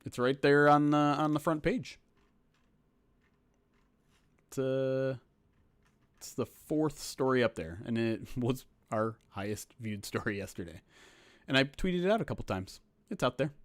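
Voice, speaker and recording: A man's voice: mid-range voice, measured pace, pauses often, smooth, no echo. A man hosting a livestream as a sports reporter, rambling casually with loose swearing.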